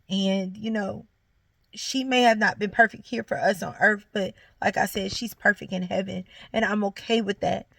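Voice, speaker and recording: A young woman vlogger gives an earnest, encouraging faith testimony straight to camera, sharing her story with viewers. Her mid-range voice is gravelly, in a dry recording.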